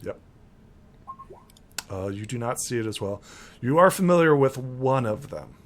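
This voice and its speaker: A man's voice: mid-range voice, animated, unhurried. A man narrating a tabletop role-playing game as game master, rambling with many fillers.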